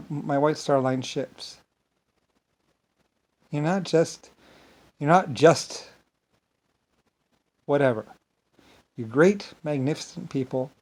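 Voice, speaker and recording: A man's voice: medium pitch, darkish tone. Rambling, grandiose man talking alone. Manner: grandiose, meandering, repeats himself. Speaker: solo speaker. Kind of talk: rambling unscripted monologue.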